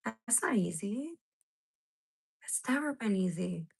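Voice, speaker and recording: A woman's voice: medium pitch, expressive, slow pace, gravelly, darkish tone, breathy edge, poor audio. A woman reading tarot cards live for her viewers, rambling and emotional, near tears, swearing casually as she talks to them directly. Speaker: tarot reader.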